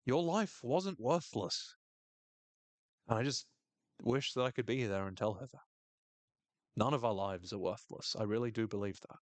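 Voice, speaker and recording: Male podcast host, mid pitch, excitable recap talker who curses casually and mimics lines, recorded dry and close. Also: moderate pace, pauses often, no echo. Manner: enthusiastic, swears freely, acts out quoted lines in shifting voices.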